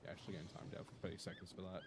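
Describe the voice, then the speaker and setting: A man's voice: low-pitched, little pitch movement, rapid-fire, background noise. A man streaming live, chatting casually and jokily with his viewers and laughing often. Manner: laid-back, jokey, talks to chat, laughs often. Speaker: Twitch streamer.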